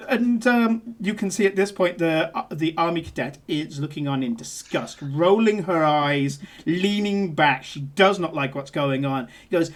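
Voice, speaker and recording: A game master narrating a tabletop game in a playful, chatty way. The voice sits at an ordinary middle pitch, and the pace often speeds up mid-scene. Laughter and frequent filler words run through the telling. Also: moderate pace, hardly any pauses.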